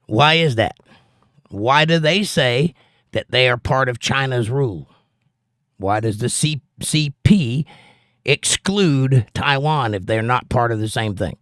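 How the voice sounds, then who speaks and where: A man's voice: mid-range voice, takes it slowly, a bit bright, no echo. Argumentative man reading chat, dry sound. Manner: argumentative, reads chat comments aloud. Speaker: livestream host reading chat. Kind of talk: casual livestream chat.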